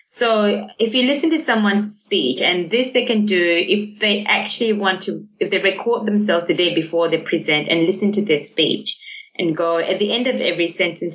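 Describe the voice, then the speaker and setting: A woman's voice: lowish voice, moderate pace, fairly bright tone. An Australian woman who works as a speech therapist, talking chattily in a podcast interview and laughing often. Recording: dull lo-fi podcast audio.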